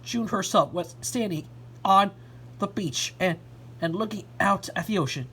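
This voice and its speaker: A woman reading a fan story aloud in an expressive storybook style. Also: medium pitch, a little slow, a little hiss or hum. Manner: expressive, lively narration. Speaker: reader.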